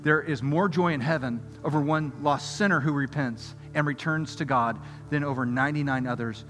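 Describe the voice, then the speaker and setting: A middle-aged man preaching a sermon, telling a story in a lively, conversational way, going from loud excitement to quiet earnest appeals. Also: a little high, normal speed. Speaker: pastor. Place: church auditorium. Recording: music under voice in a reverberant hall.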